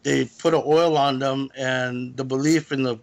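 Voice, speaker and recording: A man calling in as a guest, telling a personal story in a rambling, halting way. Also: medium pitch, steady tone, creaky. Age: adult, lived in California. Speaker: guest caller. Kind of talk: casual storytelling.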